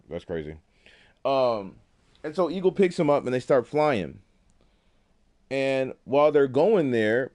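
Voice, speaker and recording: A man talking casually while playing a video game, telling a fable and musing on life in relaxed slang. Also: medium pitch. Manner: laid-back, slangy, reflective. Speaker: gaming streamer. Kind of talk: casual gameplay commentary with storytelling.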